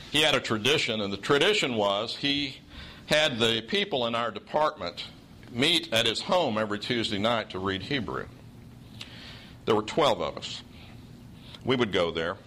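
A man's voice: fairly low pitch, sharp tone, a little hiss or hum, poor audio. Folksy Southern preacher man. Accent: Southern US (Oklahoma). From Oklahoma. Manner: folksy storytelling with dry humor. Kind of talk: sermon.

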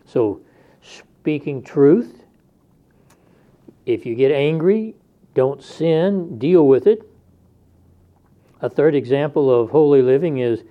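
This man's voice sits on the high side and is expressive; he takes his time and leaves long pauses. Preaching an expository sermon, he reads scripture aloud and explains it in everyday, conversational language, all on a dull lo-fi recording.

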